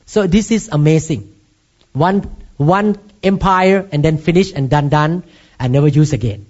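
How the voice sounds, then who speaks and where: Thai-accented pastor guy, pretty high voice, preaching hard with lots of "is that right?" questions, kinda dull muffled recording. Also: measured pace, a little mellow. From Thailand. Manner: rhetorical questions, emphatic preaching. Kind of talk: sermon.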